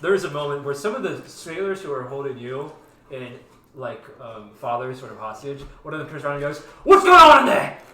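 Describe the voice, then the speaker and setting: A man narrating as game master of a tabletop game, talking casually with many fillers and lively asides. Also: mid-range voice, brisk, roomy sound, recorded from a distance. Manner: animated, lots of "like" fillers, jumps into character voices.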